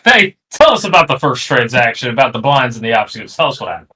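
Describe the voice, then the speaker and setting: A man with a bright, forceful voice trades teasing jabs on a casual recap show. He sits a little back from the mic, so his voice lands with some distance. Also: medium pitch, very animated, fast. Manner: teasing, needling. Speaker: co-host. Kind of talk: casual podcast banter.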